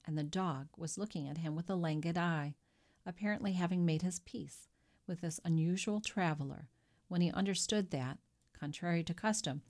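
This audiobook of a classic novel is read by a woman whose voice sits on the low side; her storytelling is expressive yet measured.

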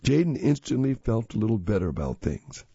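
A man narrating a children's story in a steady, expressive reading voice. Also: lowish voice, brisk, gravelly, breathy edge, no room sound. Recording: slightly dull lo-fi audio.

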